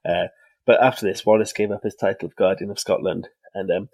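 A man's voice: fairly low pitch, steady tone, brisk, darkish tone, no echo, poor audio. A young man co-hosting a casual history podcast, rambling with lots of fillers and restarts. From Wales. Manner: rambling, many fillers and restarts, laughs often. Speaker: podcast co-host.

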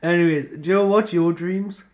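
Man, podcast co-host, slightly high pitch, casual banter, swearing. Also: fairly even intonation, a little fast, phone-quality sound. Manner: banter with swearing and frequent laughs. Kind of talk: casual chat.

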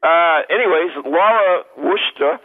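A man's voice: a little high, moderate pace. Older man, radio host, rambling and joking, tinny phone-like sound. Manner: rambling, joking, many restarts. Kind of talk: casual radio talk.

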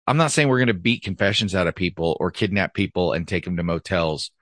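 A former police officer hosts a casual podcast chat with a blunt, profane delivery. His voice sits low, and the recording is dry and close with no room sound. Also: expressive, fast, fairly bright tone, no room sound.

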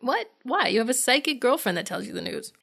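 A woman's voice: a little high, big pitch swings, brisk, creaky, fairly bright tone, breathy edge. A woman co-hosting a podcast, chatting casually and sarcastically as she recaps a TV episode and acts out lines. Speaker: podcast co-host.

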